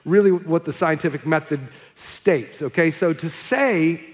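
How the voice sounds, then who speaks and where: A man's voice: a little high, unhurried. A man preaching a sermon as pastor, casual and storytelling, often checking in with the crowd. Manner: conversational, storytelling with frequent "okay?" checks. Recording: long reverb of a large hall.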